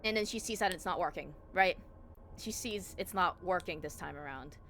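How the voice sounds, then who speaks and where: A woman's voice: fairly low pitch, normal speed, fairly bright tone, a little hiss or hum. Chatty young woman voice actor. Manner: chatty, rambling, full of fillers. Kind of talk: casual commentary on her own performance.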